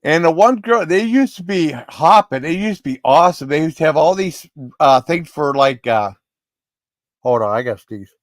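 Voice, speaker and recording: A man's voice: fairly high pitch, animated, moderate pace, no echo. Rambling man telling stories on a livestream. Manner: rambling, restarts often, gets worked up. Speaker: livestream host. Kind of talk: casual rambling storytelling.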